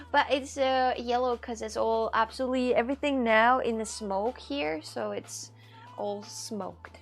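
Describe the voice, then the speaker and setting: Out on a city walk, a woman livestreamer chats casually with a fairly high voice, laughing often and reading viewer comments aloud over faint music.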